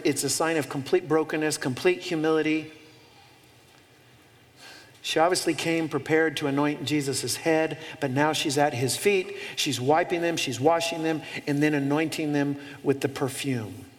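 Animated male preacher in a reverberant hall. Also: fairly high pitch. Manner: animated storytelling with humorous asides. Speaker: pastor. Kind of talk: sermon.

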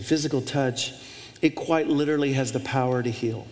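A man's voice: medium pitch, normal speed, a little mellow. A male pastor preaching a sermon, emphatic, with repeated phrases and restarts. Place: church auditorium. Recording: long reverb of a large hall.

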